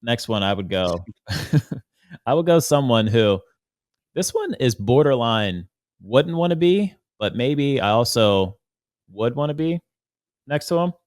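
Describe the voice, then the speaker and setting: A man's voice: mid-range voice, very animated, measured pace, long pauses, darkish tone, dry recording, clean studio sound. A man working as a podcast producer, chatting in an easygoing, joking way. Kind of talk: casual chat.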